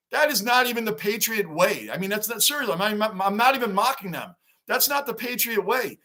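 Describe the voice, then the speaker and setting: A man hosts a sports livestream, chatting casually and animatedly with viewers and calling them by name. His voice sits high with a fairly bright tone.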